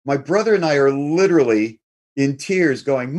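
Middle-aged man telling an animated story. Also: medium pitch, normal speed. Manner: animated, acts out family members' voices. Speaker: guest storyteller.

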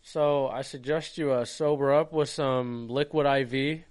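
A man co-hosting a podcast, talking slowly with a crude, relaxed drawl. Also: mid-range voice. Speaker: podcast co-host. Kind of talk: crude casual banter.

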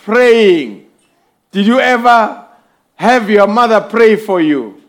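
A man delivers a sermon in a high voice, taking his time over every phrase. He builds his points in emphatic swells and speaks directly to the congregation. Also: expressive. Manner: slow, emphatic preaching with rising and falling swells. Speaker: preacher.

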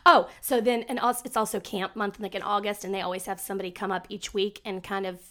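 A woman, casually chatting as a podcast co-host and telling animated stories. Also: mid-range voice. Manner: chatty storyteller, animated, quick to act out quotes. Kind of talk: casual chat.

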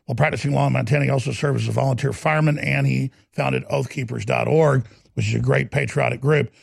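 A man hosting a talk radio show who introduces his guest in a rapid, gruff, emphatic way on a close studio mic. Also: medium pitch, fairly even intonation, no echo.

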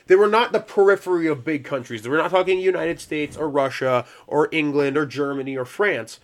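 A man's voice: a little high, a little fast. A man hosting a casual comedic chat podcast who swears freely and keeps slipping into goofy voices while retelling history. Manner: swearing, laughing, slips into goofy put-on voices. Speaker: podcast host presenting history.

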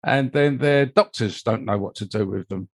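A man's voice: fairly low pitch, moderate pace. An older man, telling a long, rambling personal story as an interview guest and filling it with "you know" asides. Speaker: interview guest, mold investigator. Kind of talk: conversational storytelling.

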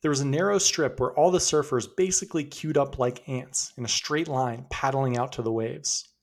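A man's voice: mid-range voice, moderate pace, creaky. A man hosting a podcast, telling stories in a conversational, upbeat way. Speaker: podcast host. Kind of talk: scripted podcast narration.

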